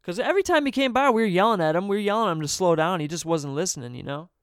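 Man, casual storytelling, swears a lot, laid-back, smooth clear voice, dry close sound. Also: high-pitched, animated, racing, dry recording. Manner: laughs between sentences.

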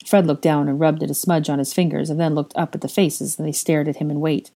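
A woman narrating a fan fiction audiobook in a steady, even storytelling manner. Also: low-pitched, quick pace, hardly any pauses.

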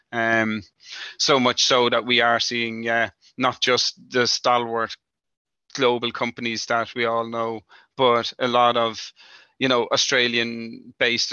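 A man's voice: medium pitch, pushed and bright, clean tone, no echo, lo-fi sound. A man answering interview questions about lending, talking in loose, rambling sentences full of "you know, like" fillers. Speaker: industry guest.

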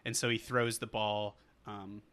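A man's voice: fairly low pitch, level tone, unhurried, sharp tone, clean tone. A man co-hosting a podcast, recapping a movie in a rambling, casual way with lots of fillers. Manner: rambling, full of fillers and quoted lines. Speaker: podcast co-host.

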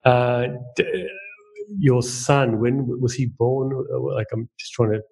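Man interviewer, husky tone, casual questions, short agreements. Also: mid-range voice, fairly even intonation, measured pace, a little mellow. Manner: asks questions, brief agreeing replies. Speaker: interviewer host.

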